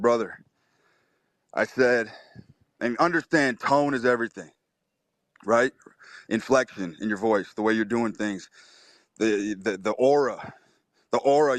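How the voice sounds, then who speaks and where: A man's voice: medium pitch, a bit bright, no echo. A man speaks with brash, emphatic swagger and swears freely. He tells his story in a cocky, punchy way. The sound is close and dry, with no room around it. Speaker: host. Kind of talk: storytelling on a live audio chat.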